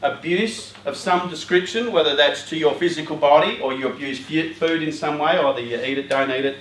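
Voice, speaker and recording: A man's voice: on the high side, a little fast, a little hiss or hum. A man giving an informal talk to a youth group, joking and rambling with lots of fillers and asides. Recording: roomy hall, voice far from mic.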